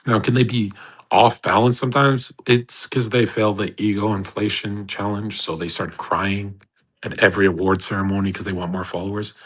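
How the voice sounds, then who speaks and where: Husky man preaching boastfully. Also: lowish voice, poor audio. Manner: boastful, provocative and preachy, with many restarts. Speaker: host of a live audio chat room. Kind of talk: casual rambling monologue. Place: online audio room.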